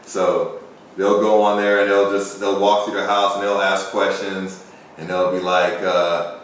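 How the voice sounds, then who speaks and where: A man's voice: on the low side, normal speed, a bit bright. A man in a casual chat, rambling through stories and acting out quotes. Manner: rambling storyteller, acts out quotes. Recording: echoey room, far from the mic, faint hiss.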